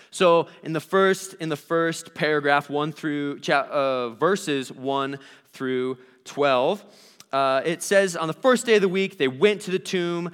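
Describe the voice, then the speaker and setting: A man's voice: a little high, fairly bright tone, big-room sound. A man giving a conversational sermon, thinking aloud with restarts and asking questions of the text. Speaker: preacher.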